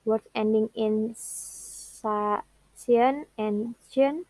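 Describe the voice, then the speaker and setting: A young woman with an Indonesian accent, slowly reading out a pronunciation lesson on word stress and repeating the example words. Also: a little high, fairly even intonation, darkish tone, dry recording, rough recording. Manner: slow careful reading with repeated words and restarts. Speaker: student. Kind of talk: pronunciation practice recording.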